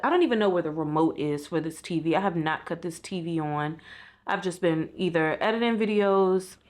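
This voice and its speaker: Candid woman vlogging from a hotel bed. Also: on the low side. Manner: candid, heartfelt, many "like" fillers. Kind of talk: casual reflective vlog talk. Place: hotel room, sitting in bed. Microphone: compact vlog camera.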